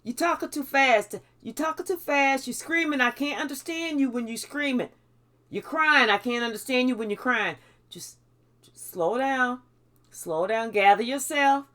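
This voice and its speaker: A woman's voice: high-pitched, normal speed, a bit bright. A woman voicing Spirit as a guiding presence that talks firmly and coaxingly. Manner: firm, then soothing and coaxing.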